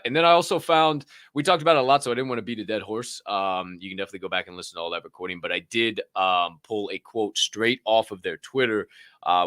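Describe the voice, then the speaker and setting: A man's voice: mid-range voice, a bit bright, dry recording. A man hosting a casual crypto news podcast, rambling and profane with lots of fillers and a dry throat. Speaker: podcast host.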